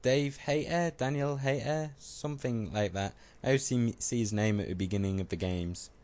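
This podcast co-host has a medium-pitched, somewhat mellow voice and talks at an ordinary speed. The conversation is loose and jokey, full of self-mockery and silly put-on voices.

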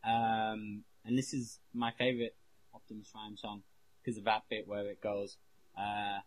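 A man's voice: on the low side, little pitch movement, normal speed, low-quality recording. A man co-hosting a podcast in casual chat, rambling and cutting himself off, swearing freely. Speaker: podcast co-host.

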